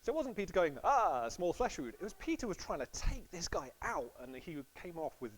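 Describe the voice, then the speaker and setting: A man's voice: a little high, sing-song, a little fast, breathy edge, low-quality recording. A man preaching a sermon in a casual, storytelling way, acting out quotes playfully.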